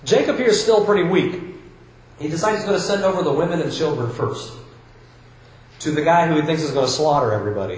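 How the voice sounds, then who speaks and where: A man from Iowa preaching a sermon, switching between chatty stories full of restarts and reading scripture aloud. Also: fairly high pitch. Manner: conversational storytelling with frequent restarts, reads scripture aloud. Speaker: pastor. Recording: very echoey hall.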